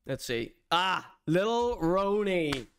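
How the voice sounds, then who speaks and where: A man's voice: sits high, sing-song, slow pace, a little hiss or hum. A man hosting a streamed show, giving a mocking, theatrical comedic rant.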